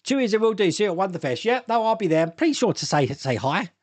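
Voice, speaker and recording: A man's voice: sits high, big pitch swings, fast talker, dry recording. A middle-aged man hosting a casual live stream, chatting, laughing often, and reading viewer comments aloud. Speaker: host.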